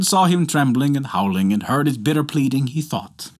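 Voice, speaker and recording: A man narrating a folktale in an expressive, dramatic storytelling manner. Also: medium pitch, moderate pace.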